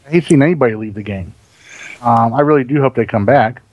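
A man with a Southern American accent hosting a casual gaming podcast, reading out chat questions with stammering restarts and quick laughs. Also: medium pitch, darkish tone, no room sound.

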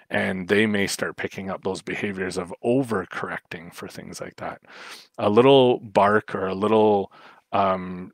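A man's voice: lowish voice, no echo. A man giving a livestreamed talk on raising puppies as a dog trainer, explaining at length with frequent fillers and restarts.

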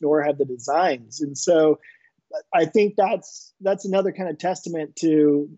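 A middle-aged man with a fairly high, mellow voice tells a long story in a casual interview. He rambles a little and restarts his sentences. The sound is dry and a bit dull. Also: no room sound. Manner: relaxed, rambling anecdotes with many restarts. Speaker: inventor and entrepreneur guest.

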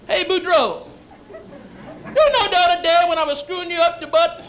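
A boastful backwoods fellow with a Cajun accent, played by a man on a stand-up stage, whooping and yelping at the top of his voice. The tone is bright and cutting, and it keeps leaping up in pitch. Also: lively intonation, moderate pace. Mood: rowdy. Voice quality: hooting yelps.

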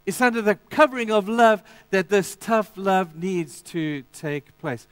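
High-voiced, emphatic preaching man. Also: lively intonation, unhurried, smooth, no room sound. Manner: emphatic preaching with sudden drops to quiet intensity; addresses the congregation directly. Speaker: pastor. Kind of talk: sermon.

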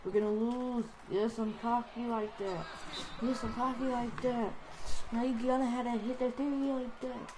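A woman giving live commentary over a basketball video game, excitable and playful, trash-talking the players. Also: a little high, a little slow, background noise. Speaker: gaming channel host.

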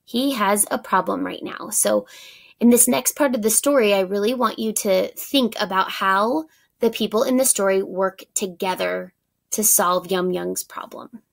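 Slow, gravelly-voiced woman teacher reading aloud. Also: mid-range voice. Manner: encouraging, asks questions to young listeners. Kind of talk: reading a children's book aloud for students.

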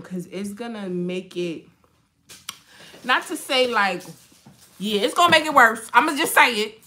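A woman's voice: mid-range voice, sharp tone, a little hiss or hum. A young woman chatting casually to viewers at home as a makeup vlogger and mom, frank and slangy, laughing often. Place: home with children nearby.

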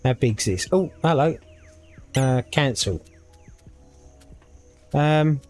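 A man's voice: mid-range voice, lively intonation, slow pace, soft background music. A man casually commenting on a game as he plays, thinking aloud and reading the on-screen text. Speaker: gaming video creator. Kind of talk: casual let's-play commentary.

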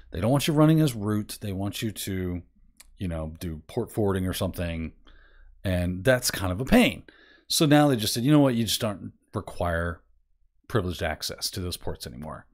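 A man hosting a casual screen-share software demo, rambling and self-deprecating as he thinks aloud. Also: on the low side. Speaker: host.

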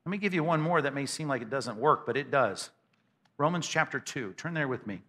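A man preaching a sermon as pastor to a congregation in a church, emphatic and conversational, often repeating words in quick bursts. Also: medium pitch, lively intonation, fairly bright tone. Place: church sanctuary before a congregation.

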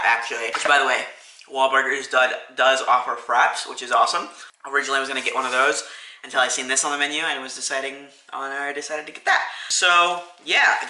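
Guy doing a food review vlog, super bright sharp voice, roomy restaurant echo, chatty. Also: medium pitch, a little hiss or hum. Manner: chatty, enthusiastic, lots of fillers. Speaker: food vlogger. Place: restaurant, indoors. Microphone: phone camera, no tripod.

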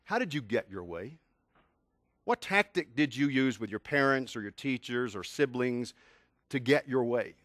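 A man's voice: mid-range voice, animated, normal speed, a bit bright, no echo, studio quality. A man in his fifties from Tennessee gives a motivational talk on communication. He tells a personal story with energy and poses questions to the audience. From Tennessee, USA. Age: 50s. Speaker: communication skills speaker.

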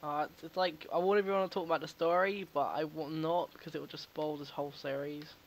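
A man with a slightly high, creaky voice speaks a little fast with little pitch movement while playing a game at home for his gaming video. He jokes casually, talks back to the characters, and swears occasionally. The recording is rough, with a little hiss or hum.

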